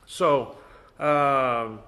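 A man's voice: mid-range voice, fairly even intonation, very slow, sharp tone. A man leading a Bible study class in a conversational way, asking the group questions.

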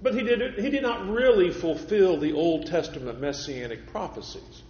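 A male preacher giving a Sunday morning sermon, measured and repeating key phrases for emphasis. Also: high-pitched, a little mellow, a little hiss or hum. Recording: echoey hall, dull lo-fi sound.

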